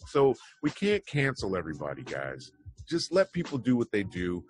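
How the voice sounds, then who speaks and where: A man's voice: fairly low pitch, huge pitch swings, normal speed, slight background noise. A man hosting an online news show, talking casually and rambling through his opinions with wry asides. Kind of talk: casual commentary on news headlines.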